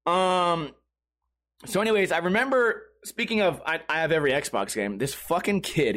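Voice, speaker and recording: Animated, profane man ranting a story. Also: on the high side, moderate pace. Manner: profane, exasperated, animated mimicry. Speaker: podcast host. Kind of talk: comedic storytelling rant.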